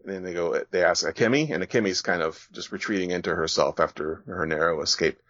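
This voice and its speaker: Man casually narrating, low voice. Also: fast talker, no echo. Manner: relaxed storytelling with fillers and restarts. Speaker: guest author. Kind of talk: casual reading of a comic chapter. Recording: dull, dry sound.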